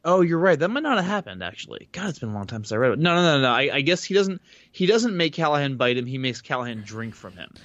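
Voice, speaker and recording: A man at a medium pitch chats loosely on a podcast, recapping a book with plenty of restarts and the odd swear word. The sound is dry and a little dull, like a modest home mic setup. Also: sing-song, quick pace, hardly any pauses, a bit bright, no room sound. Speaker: podcast co-host. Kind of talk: casual chat recapping a book.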